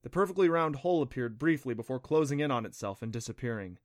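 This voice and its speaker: A man narrating a children's adventure audiobook in a steady, plain storytelling manner. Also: mid-range voice, fast, hardly any pauses, no room sound, clean studio sound.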